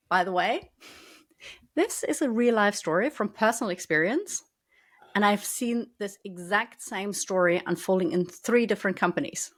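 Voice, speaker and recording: A woman co-hosting a podcast, explaining organizational culture at length with dry sarcastic asides. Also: medium pitch. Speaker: podcast co-host. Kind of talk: conversational podcast talk.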